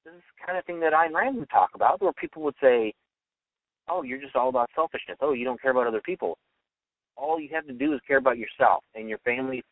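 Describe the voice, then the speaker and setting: Fast-talking young man on a tinny line. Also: medium pitch, no echo, recorded from a distance. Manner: argumentative, acts out quoted voices. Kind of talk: opinionated solo monologue. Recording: tinny phone-line sound from off-mic.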